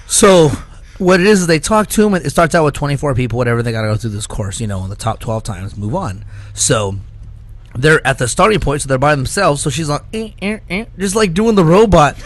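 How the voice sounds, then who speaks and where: A man hosting a podcast, telling loose stories in casual chat, laughing often and leaning on "like" and "dude". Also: fairly high pitch. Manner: rambling storyteller, laughs often, full of "like" and "dude". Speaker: podcast host.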